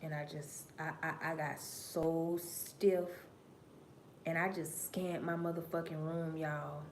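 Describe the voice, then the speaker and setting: Woman host, lowish voice, profane and preachy livestream monologue that drops to murmurs and then rises to loud bursts, faint hiss behind. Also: flat delivery, slow. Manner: profane, preachy storytelling addressing viewers as y'all; swings between low murmurs and loud emphatic bursts.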